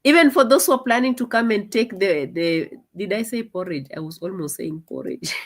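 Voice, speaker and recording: Animated woman doing commentary. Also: normal speed. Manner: animated, mocking, jumps into high mimicking voices. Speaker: reaction commentator. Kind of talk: casual commentary.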